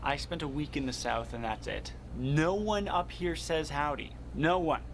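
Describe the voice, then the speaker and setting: A man's voice: a little high, moderate pace. A man from the Midwest talking in a casual, rambling vlog monologue, earnest and often laughing at himself. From American Midwest. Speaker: vlogger. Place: moving around a home, partly from the kitchen. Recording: background noise with vehicle ambience.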